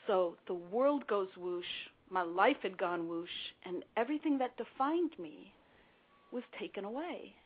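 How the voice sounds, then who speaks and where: A woman's voice: mid-range voice, expressive, a little slow, breathy edge. Earnest woman storyteller on a phone line. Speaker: guest. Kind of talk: radio interview storytelling. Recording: phone-like narrow sound.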